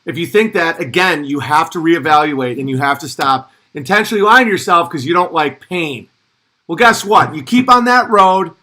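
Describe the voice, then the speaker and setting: A man's voice: sits high, pushed and bright. A man giving intense, worked-up commentary in a preachy, ranting way.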